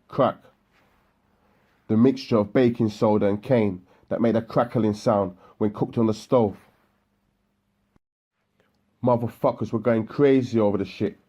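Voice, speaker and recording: Low husky male audiobook narrator. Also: warm tone, muffled recording.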